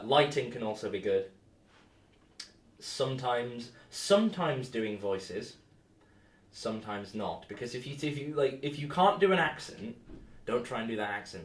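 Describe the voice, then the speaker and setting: A man co-hosting a podcast and talking casually as a game master, rambling with restarts. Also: mid-range voice. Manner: relaxed, rambling, with frequent restarts. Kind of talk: casual chat. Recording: echoey room, distant mic.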